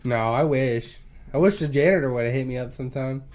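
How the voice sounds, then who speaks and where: A man's voice: medium pitch, a little fast, a little mellow. A young man co-hosting a casual chat with friends, telling crude stories, swearing freely and laughing often. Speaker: podcast co-host.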